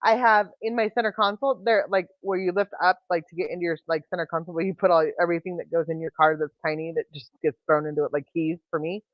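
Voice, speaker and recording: A woman telling a story in casual chat, animated and laughing as she talks. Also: on the low side, fast, few pauses, no room sound. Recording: dull lo-fi sound.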